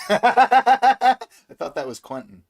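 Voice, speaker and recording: A man's voice: very high voice, very animated, slow pace. Man trading dry one-liners. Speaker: podcast co-host. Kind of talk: casual comedic chat.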